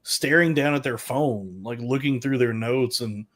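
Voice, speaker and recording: A man's voice: mid-range voice, unhurried, a bit bright. A man co-hosting a podcast, explaining at length in casual chat. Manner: long-winded, explaining. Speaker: podcast co-host.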